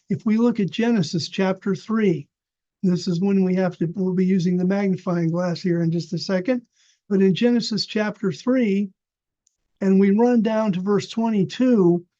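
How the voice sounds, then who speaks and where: An older man with a high-pitched but dark-toned voice teaches an unscripted Bible study lecture. He explains with fillers and restarts, and the lo-fi recording sounds dull.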